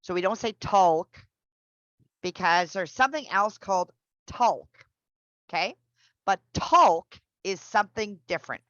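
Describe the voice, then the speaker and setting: Female pronunciation teacher, patient and unhurried, on a dull video call. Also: mid-range voice, animated, a bit bright, no room sound. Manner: patient, explains slowly with repeated examples. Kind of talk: online class teaching.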